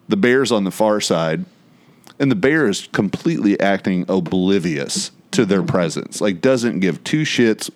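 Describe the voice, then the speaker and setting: Man, deep low voice, casual storyteller, swears freely and builds suspense. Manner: animated, profane anecdote telling.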